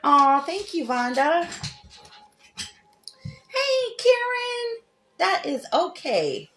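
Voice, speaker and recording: A woman's voice: very high voice, wildly swooping pitch, extremely slow, fairly bright tone. A middle-aged woman hosts a crafting livestream, chatting affectionately and greeting viewers by name while she demonstrates.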